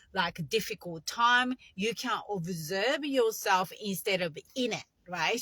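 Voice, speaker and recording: A woman's voice: mid-range voice, fairly bright tone, no echo. A woman meditation coach speaking in a chatty, instructional way, with phrasing, guiding the listener through breaths. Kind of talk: casual instructional talk.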